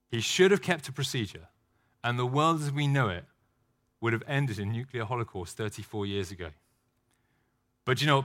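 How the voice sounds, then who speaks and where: A man's voice: mid-range voice, sharp tone. A man preaching a sermon, telling a story and acting out short outbursts. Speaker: pastor.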